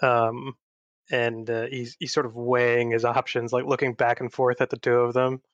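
A man's voice: medium pitch, little pitch movement, normal speed, no room sound. A man playing a tabletop game, thinking aloud hesitantly with many fillers. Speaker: player. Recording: dull, lo-fi mic.

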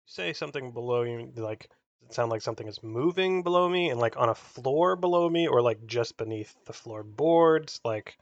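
A man's voice: mid-range voice, lively intonation, moderate pace, no room sound. Hedging male player on a dull mic. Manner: hedging, lots of fillers. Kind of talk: casual tabletop play.

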